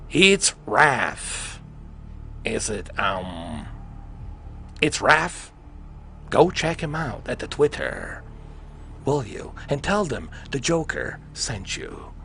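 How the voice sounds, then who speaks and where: Joker: a man doing a hushed sly villain clown. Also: medium pitch, very animated, very slow, long pauses, a little hiss or hum, exaggerated voice. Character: menacing theatrical male villain clown, sly.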